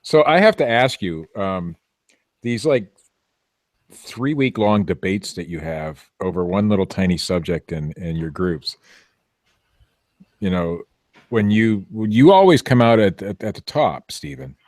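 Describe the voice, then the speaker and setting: A man's voice: lowish voice, lively intonation, a little slow, a little mellow, no echo, clean studio sound. A man hosting a podcast, joking and rambling with restarts in casual banter. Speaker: podcast host.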